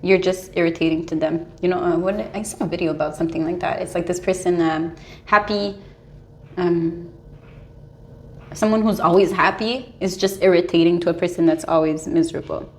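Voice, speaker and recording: A woman's voice: lowish voice, a little fast, slight background noise. Chatty woman giving tarot advice. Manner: chatty, animated, laughs often, many "like"s. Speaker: tarot reader. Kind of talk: casual spiritual advice monologue.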